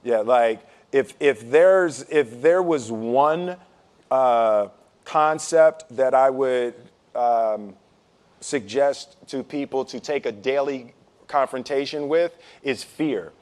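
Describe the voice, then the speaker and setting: A man speaking as an interview guest, telling stories with humor and pausing thoughtfully when serious. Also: medium pitch. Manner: animated, humorous storyteller who acts out scenes; reflective, halting with fillers when serious. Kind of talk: candid storytelling in a sit-down interview.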